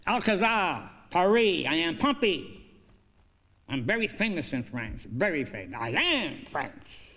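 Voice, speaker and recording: A man's voice: a little high, very animated, unhurried, pushed and bright, long reverb tail, voice pushed up, full character voice. A man acting out a proud, boastful young French can-can dancer woman. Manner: boastful, emphatic.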